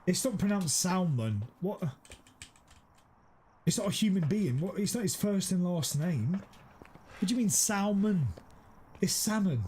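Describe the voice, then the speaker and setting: Man, high voice, excitable, teasing, live-stream chatter, faint background hum. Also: normal speed, pauses often. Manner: excitable, teasing, exclaims often. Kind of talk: casual live-stream chat.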